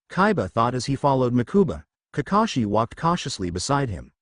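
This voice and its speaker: Give me an expressive male fan fiction narrator. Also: medium pitch, fairly quick, hardly any pauses, no room sound, clean studio sound.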